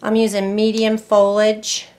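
A woman's voice: mid-range voice, completely flat delivery, unhurried, a little mellow, slight background noise. A woman teaching decorative painting in a casual tutorial, chatting and thinking aloud as she works at a close mic.

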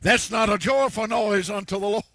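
A pastor preaches in a folksy, storytelling way, peppering his sermon with amens. His voice sits high and gravelly with a bright, husky edge. The sound is close and dry. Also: moderate pace, no echo. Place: church.

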